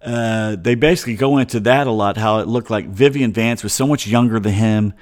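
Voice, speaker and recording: A man's voice: fairly low pitch, a little fast. Rambling opinionated middle-aged man. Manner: opinionated, digressive, chuckling asides. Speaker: host. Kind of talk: casual rambling monologue.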